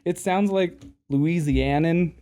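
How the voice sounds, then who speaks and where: A man's voice: fairly high pitch, slow pace, warm tone, clean tone. A man from Canada co-hosting a podcast, teasing his friend and laughing often in casual chat. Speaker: podcast co-host.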